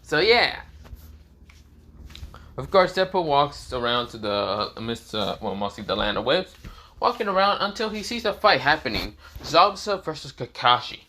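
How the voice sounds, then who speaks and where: A man's voice: fairly high pitch, very animated, normal speed, pushed and bright, slight background noise. Rambling crude young male storyteller. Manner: rambling, crude, many fillers. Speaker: fan storyteller. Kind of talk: improvised comedic story narration.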